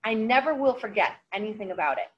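A woman reading the lines of a cool, commanding teenage boy in a novel, in a measured way. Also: mid-range voice, animated, dull audio, close to an everyday voice. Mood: steady.

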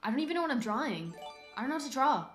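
A woman streaming a drawing game, chatting casually and excitably, rambling with lots of "like" and loud exclamations. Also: high voice, racing, faint music behind. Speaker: livestreamer. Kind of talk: casual livestream chat while drawing. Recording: roomy echo.

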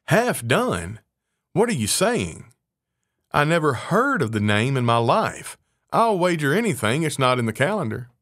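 A man voicing an eager, excitable little female mouse who asks questions. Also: medium pitch, moderate pace, dry recording, studio quality, natural voice. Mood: puzzled.

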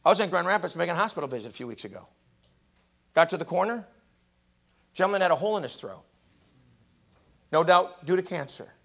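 A man preaching a sermon as pastor in a college chapel. He is animated, moving from loud exclamations to hushed whispers. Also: high-pitched, quick pace, creaky, pauses often.

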